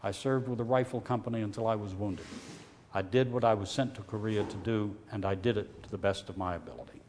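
A man voicing a veteran army sergeant who speaks in a slow, respectful cadence. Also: lowish voice, fairly even intonation, darkish tone, in a large hall, slight background noise, lightly acted. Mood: controlled. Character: respectful experienced male army sergeant, calm.

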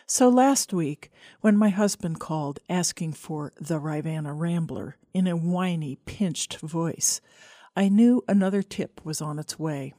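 Calm reflective woman narrating an essay. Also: low-pitched, measured pace, no echo, clean studio sound. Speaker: radio essayist. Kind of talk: scripted narration.

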